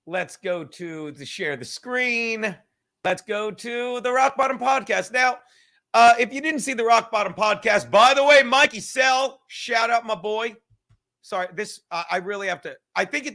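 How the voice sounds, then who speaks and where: A man's voice: very high voice, normal speed, sharp tone. A young man hosting a casual podcast, rambling and swearing constantly while fiddling with his laptop and a cigar. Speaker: show host. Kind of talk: casual profane podcast rant.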